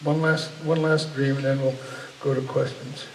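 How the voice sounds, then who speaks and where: A man's voice: medium pitch, level tone, moderate pace. A man giving a reflective talk to an audience, earnest and searching, often restarting and repeating phrases. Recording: echoey hall, voice from far off, faint room noise.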